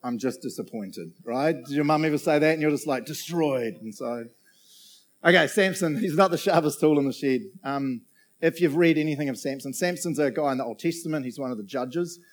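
A man's voice: on the high side, a little fast. A man preaching a casual sermon, joking around and checking in with the crowd after almost every point. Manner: chatty and jokey, keeps checking in with the crowd.

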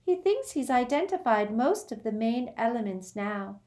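A woman's voice: on the high side, big pitch swings, moderate pace, darkish tone, pitched above the performer's own voice. A woman voicing a dreamy, airy teenage girl in a storybook reading, with a lilting, otherworldly manner.

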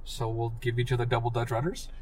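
A man co-hosting a casual wrestling podcast, throwing in quick jokes and quips. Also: mid-range voice, level tone, darkish tone, husky. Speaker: podcast co-host.

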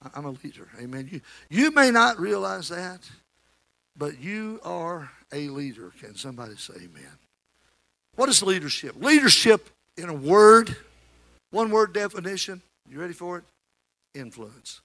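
Male preacher, high and bright. Alternates shouting with quiet storytelling. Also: big pitch swings, normal speed. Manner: swings between shouting and quiet, conversational storytelling. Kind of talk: sermon.

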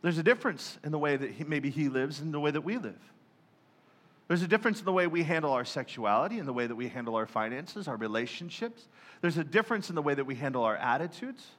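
Bright-voiced male pastor preaching. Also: on the high side, fast. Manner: lively, joking, acts out prayers in mock voices. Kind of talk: sermon.

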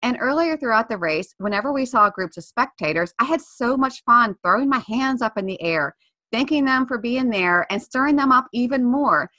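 A woman's voice: fairly high pitch, lively intonation, normal speed, sharp tone. A woman co-hosting a podcast, reading her own blog post aloud in a chatty, self-mocking way. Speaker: podcast co-host.

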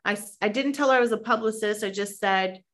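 A woman, a mindset and manifestation coach, telling a lively personal story as a podcast guest and acting out the people in it. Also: mid-range voice, fairly quick. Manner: animated, acts out quoted voices; conversational with fillers like "like". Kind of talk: anecdotal storytelling in an interview.

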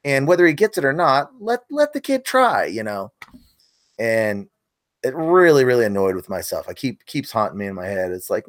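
A man's voice: medium pitch, big pitch swings, quick pace, dry recording, studio quality. Earnest middle-aged man telling a story. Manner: earnest, self-critical storytelling. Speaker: podcast co-host, hunting video maker. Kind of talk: casual chat.

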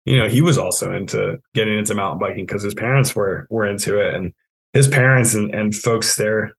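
A podcast guest who manages trail projects, a man in his thirties from New England, tells stories briskly in a lowish, creaky voice, the audio poor. He stays relaxed and self-mocking, laughing often as he goes.

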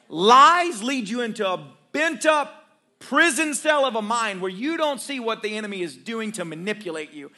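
A male pastor preaching a sermon to his church, calling for responses and rising to shouts, with joking asides. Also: sits high. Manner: call-and-response with congregation.

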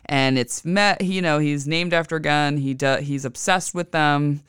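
A woman hosting an astrology podcast from home, telling a personal story casually and animatedly, acting out other people's lines with big jumps in pitch. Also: measured pace, fairly bright tone, smooth, no echo, clean studio sound.

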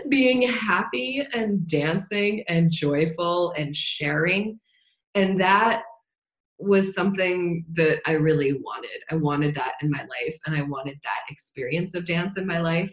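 A cheerful woman chats casually as a podcast guest, often breaking into laughter and pausing with ums. Her voice sits a little low. The room around her is noticeably echoey. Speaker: podcast guest, dance teacher. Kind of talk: casual interview chat. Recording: roomy echo.

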